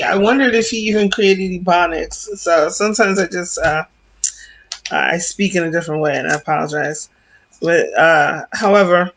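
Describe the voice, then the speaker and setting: A woman hosting a casual vlog about books, her voice carrying a gravelly, creaky edge. She wanders off track and keeps correcting herself as she talks, laughing often along the way. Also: fairly low pitch, fairly bright tone. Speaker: vlog host.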